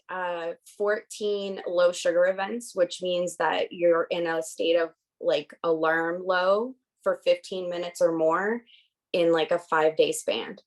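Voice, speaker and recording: A woman's voice: fairly low pitch, rough recording. A woman giving a casual, emphatic testimonial on a group call. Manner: casual and emphatic, with many fillers.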